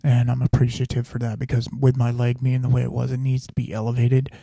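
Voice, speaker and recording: A man's voice: medium pitch, completely flat delivery, fast talker, creaky, dark tone, no room sound, clean studio sound. A man hosting a podcast, telling a personal story in a rambling, casual way, full of fillers and restarts. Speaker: podcast host.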